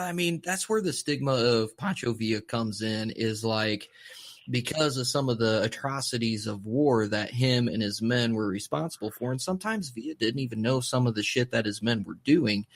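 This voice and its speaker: A man's voice: medium pitch, normal speed. A man hosting a podcast in casual chat, telling a history story in a rambling, swearing way. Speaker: podcast host.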